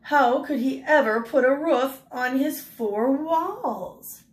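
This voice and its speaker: An older woman reading a picture book aloud in a gentle way, pausing to ask the listener questions. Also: high-pitched. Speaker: storyteller. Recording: roomy echo.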